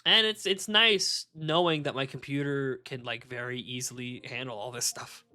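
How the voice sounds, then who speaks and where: A man live-streaming from a warm room at home, rambling and swearing casually and laughing at his own jokes. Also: mid-range voice, normal speed, faint music behind. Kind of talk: casual live-stream chat while shiny hunting.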